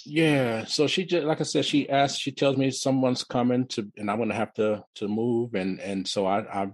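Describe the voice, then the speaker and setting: A Detroit-born man in his fifties haltingly shares his life story as an interview guest, often restarting and repeating words. His pitch is medium and his intonation fairly even, with no room sound.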